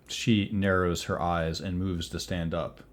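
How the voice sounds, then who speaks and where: A man running a tabletop game as game master, narrating in a measured, descriptive way. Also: low voice, level tone.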